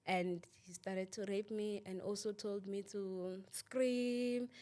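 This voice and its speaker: A young woman, a guest on an interview show, telling a painful story in halting speech, repeating words, using many fillers and often asking if the listener understands. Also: mid-range voice, fairly even intonation, warm tone. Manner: asks "you understand?" often. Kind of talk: emotional personal testimony.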